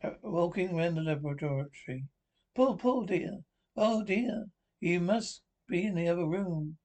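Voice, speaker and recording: A man's voice: high-pitched, unhurried, darkish tone. A man doing an anxious wife calling out. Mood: worried. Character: fretful adult woman calling for her husband.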